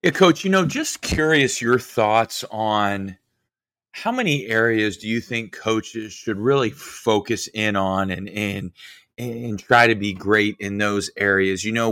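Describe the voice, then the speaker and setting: A man's voice: lowish voice, pushed and bright, no echo, clean studio sound. A man co-hosting a podcast, earnestly asking the guest coach for his views. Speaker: podcast co-host. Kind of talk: interview questions.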